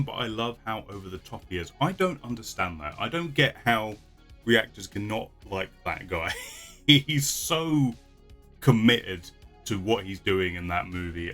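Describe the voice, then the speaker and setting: Casual male vlogger, deep and bright-toned, talks in loose rambling asides. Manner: chatty, rambling with frequent restarts and laughs. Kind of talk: casual chat.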